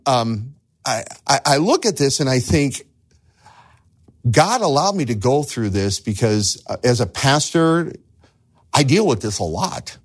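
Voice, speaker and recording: A man preaching a sermon as a pastor, animated, acting out the voices of the figures in his story. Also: mid-range voice, slightly rough. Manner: animated, acts out voices of the figures he tells about.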